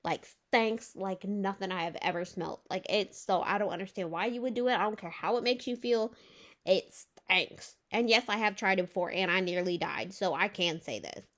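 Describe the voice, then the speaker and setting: A woman's voice: mid-range voice, normal speed, fairly bright tone. A young woman vlogger telling a story in a casual rant, exasperated, swearing and filling her talk with "like". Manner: exasperated, swears and says "like" often.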